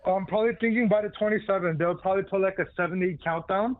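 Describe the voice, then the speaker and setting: A man's voice: high voice, fast, dry recording. A man calling into a casual chat show, talking in a slangy, laid-back way. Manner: slangy, laid-back, says bro and dude. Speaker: caller. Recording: tinny phone line.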